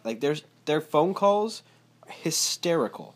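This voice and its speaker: A young man chatting as a podcast guest, telling rambling, animated stories full of fillers. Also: a little high, normal speed. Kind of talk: casual chat.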